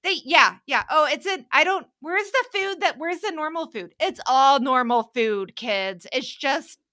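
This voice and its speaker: Animated, bright-voiced woman storyteller. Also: high-pitched, measured pace. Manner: animated storyteller, acts out her kids' lines. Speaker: podcast co-host. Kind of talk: casual chat.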